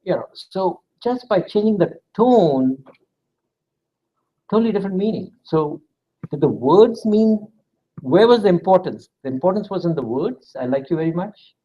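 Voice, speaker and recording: Man, fairly high voice, classroom instructor, engaging, interactive. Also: animated, unhurried, mellow, highs cut off. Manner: interactive, coaxing students to take part. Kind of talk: classroom lecture.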